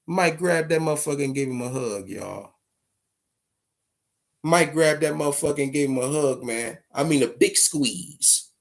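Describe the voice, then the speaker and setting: Profane gravelly man hosting boxing talk. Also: on the high side, moderate pace, long pauses. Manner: profane, storytelling, animated retelling. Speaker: boxing talk show host. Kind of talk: casual solo commentary.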